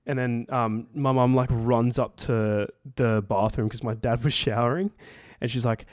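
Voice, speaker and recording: A man's voice: mid-range voice, steady tone, normal speed, no echo, studio quality. A young Australian man co-hosting a podcast, telling a story in a rambling, casual way, swearing freely and filling gaps with "like" and "um". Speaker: podcast co-host.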